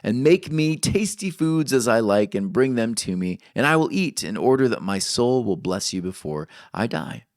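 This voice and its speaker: A man's voice: mid-range voice, big pitch swings, moderate pace, few pauses, dry recording, studio quality. A man preaching a sermon, reading scripture aloud expressively and stopping to comment on it. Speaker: pastor.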